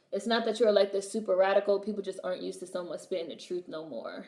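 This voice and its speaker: A woman's voice: medium pitch, fast, few pauses, a little mellow, reverberant. A young adult woman hosting a livestream, reading chat and chatting casually in a blunt, sassy way, swearing freely and repeating her punchlines.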